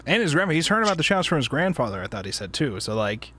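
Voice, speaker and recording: A man's voice: fairly high pitch, big pitch swings, fast talker, a bit bright. A man hosting a casual book club chat, rambling, swearing and laughing as he talks.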